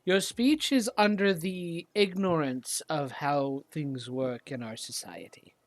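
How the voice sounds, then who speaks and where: A game master voicing Dorbo, a proud male deep gnome warrior leader who speaks sternly, with hesitant fillers, on a dry close mic. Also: slow, dry recording, close to an everyday voice.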